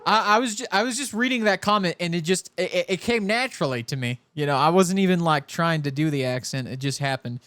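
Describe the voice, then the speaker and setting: Chatty young streamer with soft cowboy drawl. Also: male voice, high voice, fast, hardly any pauses, dry recording. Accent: soft put-on Southern cowboy drawl. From California. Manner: rambling, chatty, self-interrupting. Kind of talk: casual live-stream chat while gaming.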